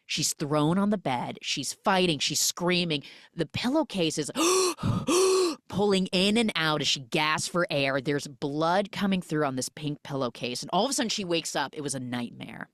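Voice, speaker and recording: A woman podcast host casually recapping a film, retelling it in an animated way with lots of "like" fillers. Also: low-pitched, normal speed, few pauses, no room sound, clean studio sound.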